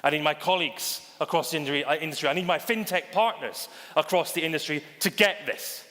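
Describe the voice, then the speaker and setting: A man's voice: on the high side, fast. Theatrical male keynote speaker in hall. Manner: theatrical, addresses audience as ladies and gentlemen; acts out anecdotes with quoted voices. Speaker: conference speaker, bank digital chief. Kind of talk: keynote presentation. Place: conference stage. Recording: reverberant conference hall.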